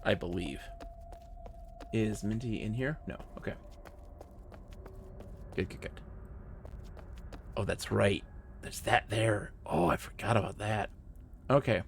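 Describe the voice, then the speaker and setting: Gravelly man streaming a game. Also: lowish voice, slow, long pauses, a little hiss or hum. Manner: thinks aloud while playing, chatty with a co-player. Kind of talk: live gameplay commentary.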